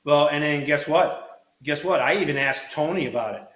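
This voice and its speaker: A man's voice: fairly high pitch, normal speed, fairly bright tone. Blunt, cursing man in a roomy space. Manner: blunt, profane and rambling. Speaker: co-host, former hitter. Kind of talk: casual podcast chat. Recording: roomy echo.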